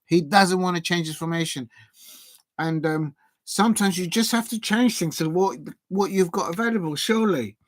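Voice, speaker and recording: This man's voice sits high and moves at a moderate pace, with no echo. He's hosting a football watch-along stream in a South London accent, making rambling live-stream chat and muttering as he types.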